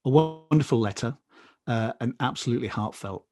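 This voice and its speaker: Male host, gentle and hesitant, lots of fillers, dry close sound over a video call. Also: mid-range voice, fairly quick, dry recording. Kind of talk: hosting a memorial conversation.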